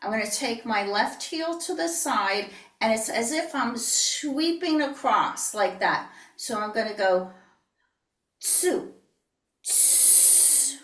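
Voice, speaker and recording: Slow, calm woman teaching from afar. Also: on the high side. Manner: slow, calm, breathy cues. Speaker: yoga and tai chi instructor. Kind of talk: guided movement instruction. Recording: roomy, distant online-class audio.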